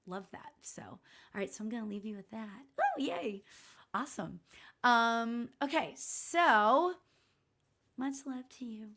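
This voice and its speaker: A woman hosting a live psychic reading stream, speaking gently and reassuringly with many pauses and fillers. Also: mid-range voice. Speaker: spiritual medium host.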